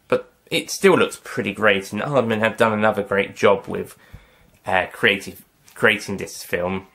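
A man talks through his opinion of a film in a loose, chatty way. His voice sits a bit low, and he keeps stopping to correct himself or toss in a quick joke before going on. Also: a bit bright. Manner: rambling, self-correcting, light joking asides. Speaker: film reviewer. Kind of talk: casual spoken review.

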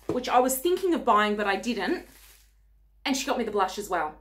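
A woman's voice: medium pitch, lively intonation, takes it slowly, pauses often, a little hiss or hum. A young woman unboxing gifts for her vlog, gushing, gasping and squealing with delight. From Australia. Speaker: beauty vlogger.

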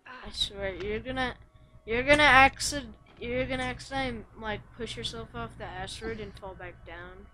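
A woman watching a friend play, teasing and giggling and telling him to calm down. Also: a little high, moderate pace, over music. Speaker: co-host watching the game. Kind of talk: casual chat.

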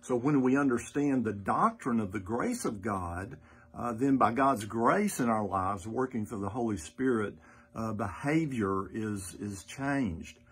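A man teaching as the pastor on a church podcast, measured and earnest, with frequent "uh" fillers. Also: medium pitch, animated, breathy edge.

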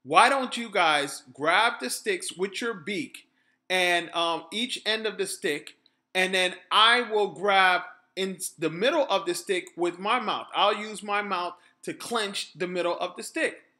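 Man putting on a begging storybook frog, a bit higher than his own bright voice, eager and pleading, told aloud as a fable. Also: unhurried. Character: pleading male frog, desperate then boastful.

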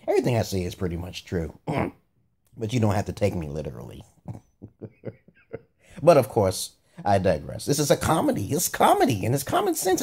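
Husky man ranting with wild pitch swings. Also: mellow. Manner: rambling, cursing, laughing asides. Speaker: vlogger. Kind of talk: profane rambling monologue.

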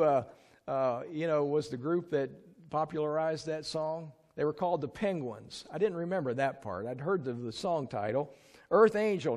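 Chatty male preacher, slightly high voice. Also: darkish tone. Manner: conversational, chuckles and sings snatches to the congregation. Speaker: pastor. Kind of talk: sermon. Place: church sanctuary.

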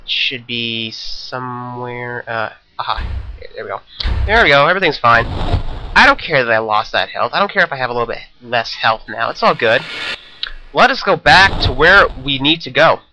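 A man's voice: medium pitch, animated, normal speed, bright, forceful tone, slight background noise, low-quality recording. A young man giving rambling, jokey commentary over a video game he is playing, talking to himself. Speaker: let's play commentator.

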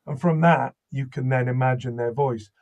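A man from Wales with a slight Welsh accent, a voice actor and audiobook narrator telling animated stories in an interview, often restarting his sentences. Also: mid-range voice, moderate pace, vocal fry, lo-fi sound. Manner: animated anecdotal storytelling, many restarts. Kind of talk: interview conversation.

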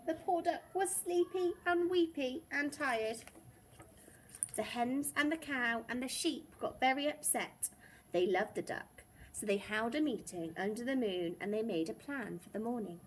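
A woman teacher reading a picture book aloud to young children in a gentle, expressive storytelling way. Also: on the high side, a little slow, a little hiss or hum.

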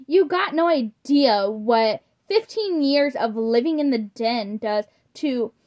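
A woman's voice: fairly high pitch, expressive, takes it slowly, a little mellow. Claudine, a sassy werewolf girl a woman reads. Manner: sassy, snappish. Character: sassy teenage werewolf girl, prickly and proud. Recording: slightly muffled lo-fi audio.

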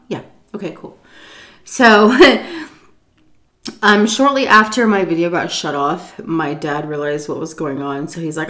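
A woman's voice: on the low side, expressive, slow pace, pauses often, a bit bright. A woman vlogger telling a story while eating, tipsy from shots, rambling, swearing freely and laughing often. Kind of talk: casual storytime chat.

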